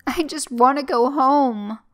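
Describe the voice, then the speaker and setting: A woman voicing a terrified young woman held captive, crying out high and loud. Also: very slow, soft background music. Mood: desperate. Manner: high, loud, desperate cries.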